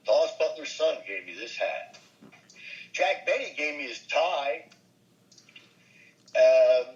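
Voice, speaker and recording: An older man, a voice actor, chatting in an interview and telling animated stories, now and then dropping into quick impressions. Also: medium pitch, highs cut off. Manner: animated storyteller, slips briefly into impressions. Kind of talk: casual interview chat.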